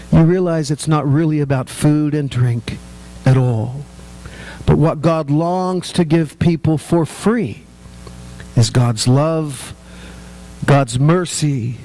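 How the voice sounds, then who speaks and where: Slow, high-voiced middle-aged male pastor. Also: darkish tone. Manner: humorous, conversational preaching. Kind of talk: sermon.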